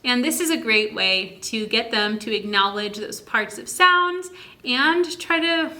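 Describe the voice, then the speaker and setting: A woman presenting an instructional video for parents on early literacy, talking in a friendly, encouraging teacher's way and stretching words out slowly to show their sounds. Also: fairly high pitch, lively intonation, bright, forceful tone.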